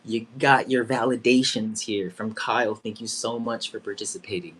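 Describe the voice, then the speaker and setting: A man's voice: lowish voice, steady tone, normal speed, few pauses, a bit bright, slight background noise. A young man hosting a live-streamed psychic development circle, effusive and emotional, giggling as he thanks everyone. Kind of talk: live-stream group session.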